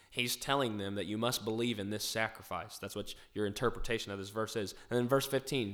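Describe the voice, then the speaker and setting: A man with a mid-range voice leads a conversational Bible study. He steers the talk and reads scripture aloud in a measured, deliberate way, putting extra weight on the key lines. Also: medium pitch, fairly bright tone. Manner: measured, reads verses aloud with rising emphasis. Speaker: host leading a Bible study.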